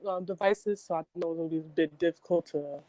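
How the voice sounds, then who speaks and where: A woman's voice: lowish voice, quick pace, dark tone, dry recording. A woman calling in to a live show, talking casually and hesitantly with many ums. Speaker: caller. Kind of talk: casual call-in chat.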